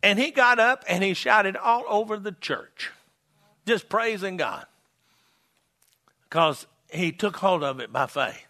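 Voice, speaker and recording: A man preaching an evangelistic sermon, fiery and folksy, shouting at the peaks and dropping low and quiet to tell stories. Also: expressive, takes it slowly, pauses often. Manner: folksy, humorous.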